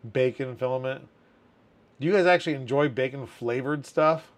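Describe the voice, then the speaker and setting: A man's voice: mid-range voice, moderate pace. A man in his thirties hosting a casual livestream chat, reading viewer comments aloud and laughing often. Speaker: community manager hosting a livestream.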